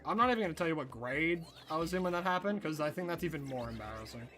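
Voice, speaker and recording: A young man streaming a game, telling stories to his chat in an animated way and laughing often. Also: a little high, fast talker. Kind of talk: casual live-stream chat while gaming.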